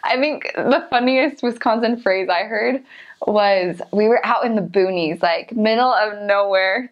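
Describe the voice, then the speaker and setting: A young woman tells stories in an easy, chatty way, laughing between lines and leaning on "like". Her voice sits at an ordinary middle pitch. The recording sounds a little muffled and low-fi. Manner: chatty, giggly, many "like" fillers. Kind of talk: casual storytelling. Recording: slightly dull lo-fi sound.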